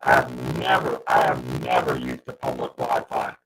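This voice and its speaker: Very deep gravelly-voiced man streaming. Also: completely flat delivery, unhurried, recorded from a distance. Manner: flustered, restarts while fixing audio trouble. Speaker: livestream host. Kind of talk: casual livestream chat. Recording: noisy livestream audio with hiss.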